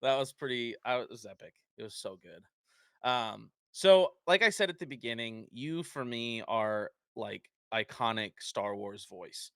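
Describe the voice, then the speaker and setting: A man's voice: medium pitch, a little slow, fairly bright tone, clear, resonant tone, no room sound, clean studio sound. A man hosting an interview, chatting eagerly like an enthusiastic fan. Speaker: host. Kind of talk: casual interview chat.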